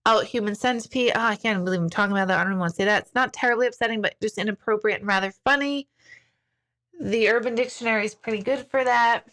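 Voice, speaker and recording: On a casual live stream, a forties-aged woman speaks candidly as she reads out viewer comments, voicing quotes with big pitch jumps. Her delivery is fast and her tone fairly bright.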